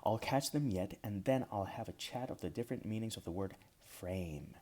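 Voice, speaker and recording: A man's voice: on the low side, animated, moderate pace, warm tone. A man voicing an older woman in a cowboy hat, flustered and apologetic, chatty with small stumbles, in a storybook reading.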